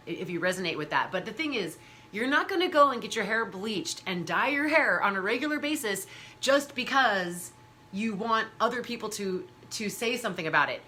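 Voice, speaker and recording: A woman hosting a casual chat, talking animatedly and acting out the people she quotes. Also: slight background noise. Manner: animated, acts out quoted people in high voices. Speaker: host.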